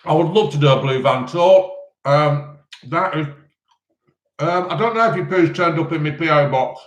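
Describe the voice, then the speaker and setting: A man's voice: fairly high pitch, moderate pace. A man chatting casually on a live stream, eating and answering chat questions in a rambling way full of ums. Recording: roomy echo.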